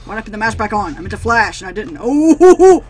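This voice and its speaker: A woman's voice: mid-range voice, rapid-fire, a bit bright, breathy edge, soft background music. A woman doing horror game commentary into a desk microphone, sarcastic and talking back to the characters, then screaming at the jump scares. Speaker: gaming channel host.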